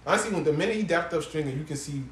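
A man co-hosting a podcast, chatting casually about TV shows in fast slang with lots of swearing. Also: on the high side, a bit bright, roomy sound, slight background noise. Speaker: podcast co-host.

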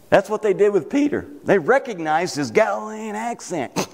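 A man's voice: high voice, expressive, normal speed, in a large hall. A man with a Kentucky accent preaching a sermon, emphatic, repeating phrases for weight.

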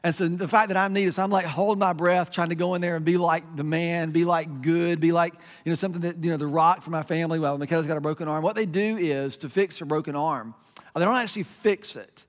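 Middle-aged pastor guy chatting through a sermon, higher voice, lots of ums and self-digs. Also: fairly even intonation, quick pace, big-room sound. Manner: conversational, self-deprecating storytelling with frequent fillers.

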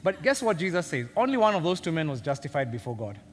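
A man preaching a sermon, animated and joking as he teases his congregation. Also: on the high side, fast, a little hiss or hum. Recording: long reverb of a big hall.

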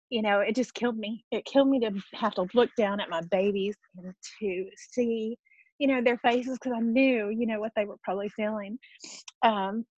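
A middle-aged woman giving an emotional, halting personal testimony on a video call, often close to tears. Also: medium pitch, dry recording, dull audio. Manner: tearful, halting, many ums. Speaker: guest sharing a weight-loss story.

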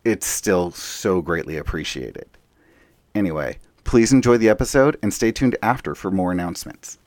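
Deep-voiced man reading podcast announcements. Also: animated, normal speed, a little mellow. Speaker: podcast host and player. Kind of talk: read announcements and casual chat.

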